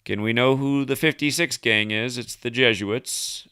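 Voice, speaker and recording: A man's voice: mid-range voice, moderate pace, pushed and bright, smooth, no echo, clean studio sound. A man hosting a solo livestream, rambling through a chain of number links with casual asides. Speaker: livestream host.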